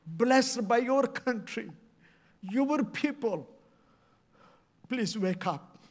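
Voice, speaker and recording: A middle-aged man from India, preaching a passionate, pleading sermon full of repeated phrases. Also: very high voice. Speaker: evangelist preacher.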